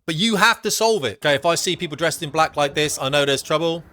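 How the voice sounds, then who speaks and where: A man's voice: a little high, lively intonation, fast, bright, forceful tone. A middle-aged man from Britain giving blunt, emphatic, slangy commentary as a vlogger. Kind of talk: opinionated commentary.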